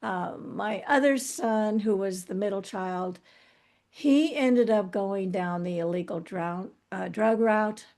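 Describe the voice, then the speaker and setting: With a mid-range, darkish voice, a middle-aged guest author reflects candidly on her past during an interview. Her manner is earnest and thoughtful, and she keeps breaking off and restarting what she's saying.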